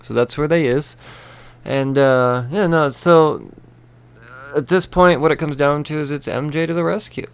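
A man's voice: a little high, moderate pace, smooth. A man hosting a comic book podcast in a rambling, profane, casual review style. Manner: rambling, swearing, laughing.

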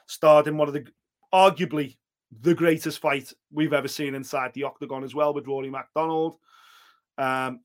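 Man, podcast co-host, casual sports chat, fairly high voice, animated, sweary. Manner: animated, acts out other people's quotes with swearing.

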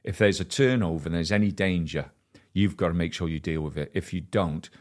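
A man in his sixties, a former football manager, answering questions in a measured, conversational way. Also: sits low. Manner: measured, frequent "you know" and restarts. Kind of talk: casual interview chat.

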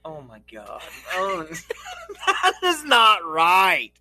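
A man's voice: high-pitched, huge pitch swings, very slow, sharp tone. A man co-hosting a podcast, trading crude jokes casually and laughing often. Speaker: podcast co-host.

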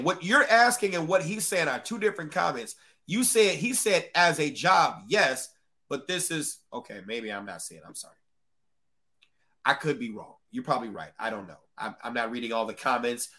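Brief: livestream host, casual and profane, with a fairly high, bright voice. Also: male voice. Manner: casual, profane, talks straight to chat.

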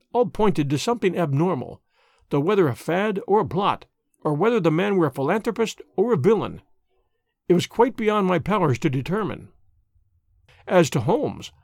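A man narrating a classic story in a measured, expressive reading. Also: high-pitched, no echo, clean studio sound. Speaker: narrator of an audiobook.

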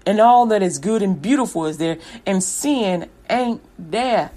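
A woman's voice: medium pitch, lively intonation, unhurried, warm tone, voice pushed down. A woman voicing God in her sermon as a loving deity who talks in a slangy, casual way. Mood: reassuring. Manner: slangy and casual, tender reassurance.

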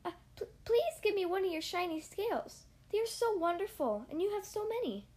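A woman voicing a timid little boy fish in a storybook read-aloud, speaking in a high, eager, pleading way. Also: expressive, brisk, a little mellow.

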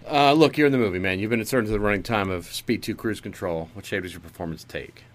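A man's voice: fairly low pitch, fast talker, a little hiss or hum. A man in casual comedic chat, riffing improvised bits and swearing freely. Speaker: podcast co-host.

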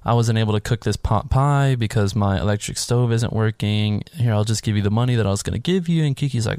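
A man with a lowish voice chats his way through a film's plot in a loose, rambling way, slipping into the characters' lines as he goes. The sound is dry and close, with no room echo at all. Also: fast talker, hardly any pauses, darkish tone. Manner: rambling storytelling with quoted character lines and swearing. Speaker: podcast host recapping a film. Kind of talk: casual chat.

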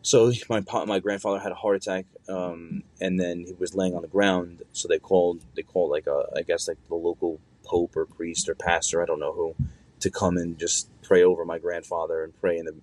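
A man's voice: deep voice, a little mellow. A young man telling a personal story in a loose, conversational way, with plenty of fillers and slang.

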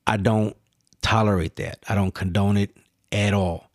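A man's voice: fairly low pitch, fairly even intonation, a little slow, dry recording, clean studio sound. A man hosting a solo podcast, talking earnestly and emphatically to his listeners, with restarts and repeated words. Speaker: podcast host. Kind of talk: solo reflective monologue.

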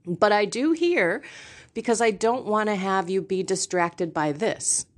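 A woman's voice: mid-range voice, lively intonation. A middle-aged woman hosting a Catholic podcast, speaking frankly and confessionally from a seat in a home. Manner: frank and confessional, slow and deliberate. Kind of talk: candid faith talk. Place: seated in a home.

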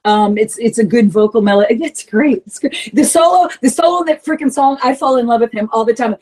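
A woman singer talking candidly in a casual interview, swearing freely and breaking into animated asides. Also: fairly high pitch, quick pace, low-quality recording. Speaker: heavy metal vocalist, interview guest.

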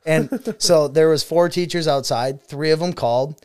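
A man's voice: fairly high pitch, moderate pace, clear, resonant tone, no echo, studio quality. A young man, a student teacher, telling stories in a casual chat, swearing freely and laughing as he goes. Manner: profane, laughing, animated storyteller.

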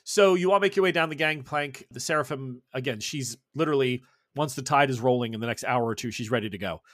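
A man's voice: mid-range voice, fast, a bit bright. A man running a tabletop role-playing game as game master, narrating in a casual, rambling way.

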